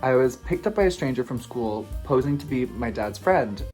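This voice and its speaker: Expressive man reading posts aloud. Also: mid-range voice, moderate pace, faint music behind. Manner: expressive, swings between playful and hushed. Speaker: video host.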